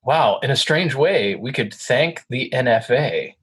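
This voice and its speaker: A man's voice: medium pitch, lively intonation, measured pace, fairly bright tone, slightly rough. A man co-hosting a podcast in casual chat, upbeat and enthusiastic. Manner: upbeat, enthusiastic, laughs often. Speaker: podcast co-host.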